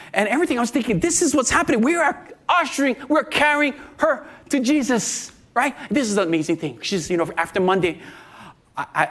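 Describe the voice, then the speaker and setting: Middle-aged pastor, sermon delivery, high voice, animated storyteller. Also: male voice.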